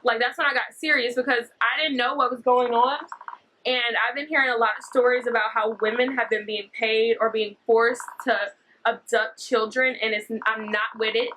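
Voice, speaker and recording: A woman's voice: fairly high pitch, steady tone, moderate pace, pushed and bright, slight background noise, poor audio. A young woman rambling through a story-time vlog, full of fillers. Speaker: vlogger.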